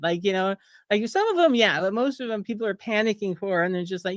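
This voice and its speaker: Woman, 50s, mid-pitched pharmacist speaker: casual, wry, sarcastic, acts out quotes, dry close mic. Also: quick pace, no echo. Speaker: pharmacist and author giving a slide talk. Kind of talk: casual presentation over slides at a streamed fundraiser.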